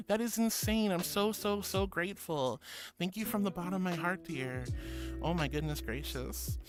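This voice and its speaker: A VTuber streamer with a mid-pitched voice reads viewer messages at a moderate pace, teasing and giggling affectionately and calling people sweetheart, sweetie, and honey. Steady music plays clearly in the background, and the voice is caught on a close desk mic.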